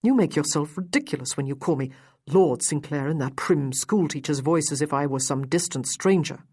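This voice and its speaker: A woman's voice: low voice, normal speed, warm tone, slightly rough. A woman reading the part of a proud, teasing male aristocrat in a Regency audiobook, with a dry, mocking delivery. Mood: reproachful.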